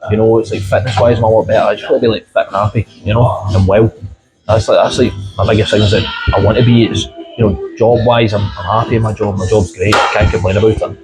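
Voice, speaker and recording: Young man, low-ish voice, rapid earnest rambling over background music. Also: steady tone, low-quality recording. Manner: rambling, filler-heavy, earnest. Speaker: guest. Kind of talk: casual heart-to-heart chat.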